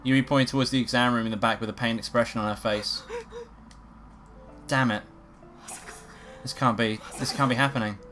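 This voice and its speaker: A woman's voice: extremely low pitch, fairly even intonation, moderate pace, pauses often, fairly bright tone, soft background music. A woman streaming a game, reading the story aloud and adding wry, swearing asides. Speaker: let's play streamer. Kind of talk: reading a visual novel aloud with commentary.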